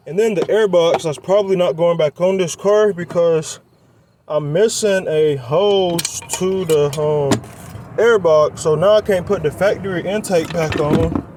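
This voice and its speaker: A man's voice: high voice, background noise. A young man talking loosely to his viewers while working on his car outdoors, a little out of breath. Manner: loose, rambling, talks to viewers as y'all. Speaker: car vlogger. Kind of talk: casual vlog chat. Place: outdoors on a quiet roadside.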